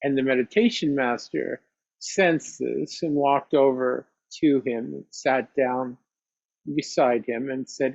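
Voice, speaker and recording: A man at mid pitch tells a meditation teaching story in a calm, reflective way. He laughs softly now and then. The sound is close and dry, with a slightly dull, lo-fi edge. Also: vocal fry, no room sound. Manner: unhurried, reflective, with soft laughs. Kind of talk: storytelling dharma talk.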